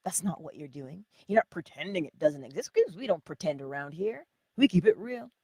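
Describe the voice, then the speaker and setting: A woman's voice: fairly low pitch, animated, fairly quick, a little mellow, slightly rough, no room sound. A woman giving an inspirational morning teaching in a preacherly, conversational way, full of rhetorical questions. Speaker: spiritual teacher.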